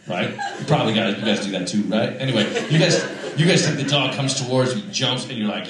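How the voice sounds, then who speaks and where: A man's voice: on the low side, fairly quick, a crowd in the background. A Canadian man doing a stand-up comedy set, rambling and self-mocking, with plenty of fillers. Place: comedy club stage. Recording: echoey club from a distance. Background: laughing audience.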